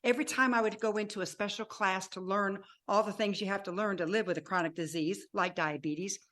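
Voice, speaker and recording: A woman in her sixties, a podcast guest telling her life story in an animated way and acting out remembered dialogue. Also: medium pitch, brisk. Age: 60s. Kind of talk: personal storytelling.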